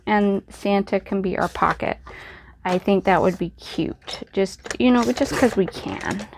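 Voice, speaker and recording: A woman hosting a crafting video, chatting casually and thinking aloud as she works. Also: mid-range voice. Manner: chatty, self-deprecating, thinks aloud while working. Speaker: crafting channel host. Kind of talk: casual crafting tutorial voice-over.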